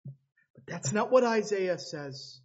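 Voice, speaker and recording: A man preaching a sermon with passion, swinging from loud pleading cries to low hushed tones. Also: lively intonation, slow. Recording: slightly dull lo-fi sound.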